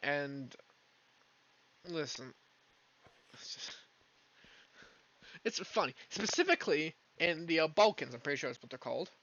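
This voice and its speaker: A man's voice: fairly high pitch, expressive, unhurried, long pauses, fairly bright tone, highs cut off, slight background noise. A man streaming a game while ranting in a casual, rambling, foul-mouthed way, often trailing off mid-thought. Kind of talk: casual rant while gaming.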